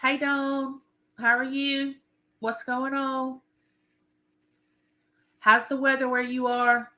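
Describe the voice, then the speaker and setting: Older woman, live-stream host, bright, rambling and chatty. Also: sits high, flat delivery, slow pace, rough recording. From Mississippi. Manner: friendly, greets viewers by name, rambling.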